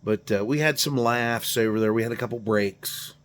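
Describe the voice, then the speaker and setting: A mid-range voice at a moderate pace carries this tired, yawning middle-aged man's rambling talk. He hosts a garage channel, curses freely, and makes himself the butt of his jokes.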